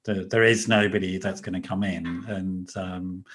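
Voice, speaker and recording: Male host, fairly low voice, thoughtful, lets phrase ends fade. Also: level tone, moderate pace, fairly bright tone, low-quality recording. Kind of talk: conversational interview.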